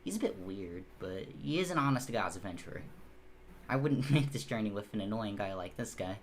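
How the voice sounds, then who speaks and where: A man's voice: fairly low pitch, expressive, a little fast, slight background noise, pitched below the performer's own voice, lightly acted. A man voicing a blunt young farm girl who is chatty, casual and a bit impatient with her brother, in a tabletop game.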